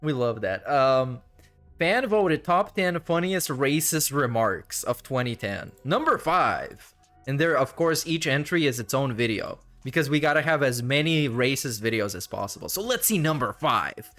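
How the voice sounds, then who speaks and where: Young male streamer, mock-offended and jokey, lively pitch, faint music under him. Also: normal speed. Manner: sarcastic, laughing, profane asides. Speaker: reaction streamer. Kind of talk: casual commentary.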